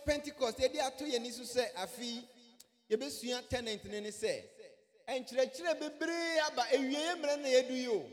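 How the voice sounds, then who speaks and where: A Ghanaian man preaching with a very high voice. He moves between English and Twi and breaks into shouts for emphasis. His words echo with the long reverb of a big hall. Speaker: pastor. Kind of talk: sermon.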